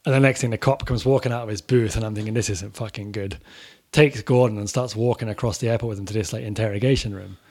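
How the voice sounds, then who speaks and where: A man's voice: fairly low pitch, fairly even intonation, rapid-fire, few pauses, darkish tone. A man telling a casual story about touring with his band, swearing freely and acting out the quotes. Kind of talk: casual anecdote.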